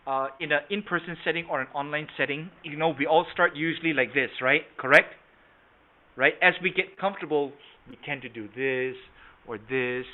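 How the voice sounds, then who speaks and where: A man with a slightly high voice leads a sales training session online, engaging participants by name and checking in with "right?" and "okay?" To demonstrate his points, he switches between soft and forceful tones, and the video-call audio sounds tinny and phone-like.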